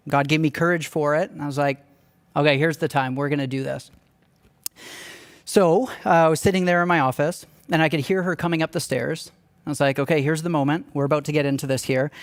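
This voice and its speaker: A young man on a church staff, giving a personal storytelling talk in an earnest, candid, conversational way. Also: on the high side.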